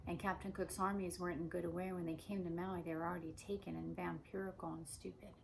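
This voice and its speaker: A woman giving a rambling spiritual monologue, meandering and repetitive, slowing down to stress her points. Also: lowish voice, level tone, gravelly, noisy background. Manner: meandering and repetitive, with slow emphatic stretches. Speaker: spiritual speaker.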